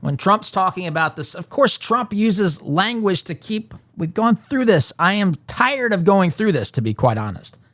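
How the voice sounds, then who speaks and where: A man's voice: sits high, very animated, moderate pace, hardly any pauses, fairly bright tone, no echo, clean studio sound. A man hosting a political talk show, delivering an emphatic monologue and often repeating words as he builds a point.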